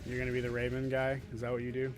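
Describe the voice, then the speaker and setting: A man chats casually while he plays a game, cracking jokes and talking back to the characters on screen. His voice sits at an ordinary middle pitch. Loud music runs underneath. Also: monotone, racing. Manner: chatty, joking, talks to the game and to chat. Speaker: gaming streamer. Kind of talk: casual live gameplay commentary.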